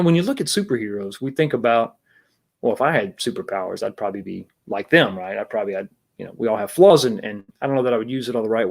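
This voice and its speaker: A man hosting a casual livestream talk show, rambling with many restarts and greeting viewers in the chat. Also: medium pitch.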